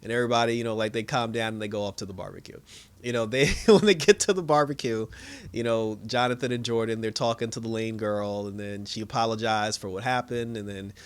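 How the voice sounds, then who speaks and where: A man casually recapping a TV episode, animated and swearing, acting out the characters' lines with laughs. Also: fairly low pitch, fairly quick, smooth. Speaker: show reviewer.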